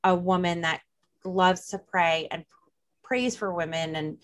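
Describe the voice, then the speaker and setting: A woman's voice: on the low side, unhurried, fairly bright tone. Chatty woman with a Jersey accent. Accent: New Jersey. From New Jersey. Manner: chatty, lots of "like" and "you know". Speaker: podcast host. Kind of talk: casual chat.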